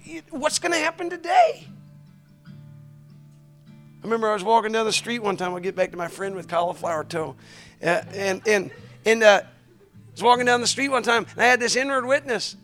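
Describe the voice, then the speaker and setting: High bright-voiced male preacher. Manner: animated, shouting at peaks, dropping to near whispers. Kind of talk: energetic storytelling sermon.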